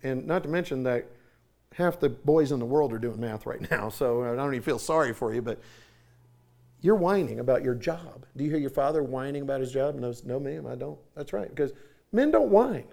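A man preaching a sermon in a storytelling manner, often clearing his throat. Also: mid-range voice, lively intonation, a little fast, darkish tone.

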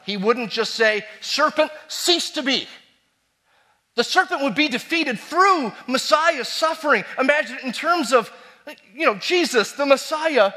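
A man preaching a sermon, swinging between loud emphatic repetitions and quiet, low asides.

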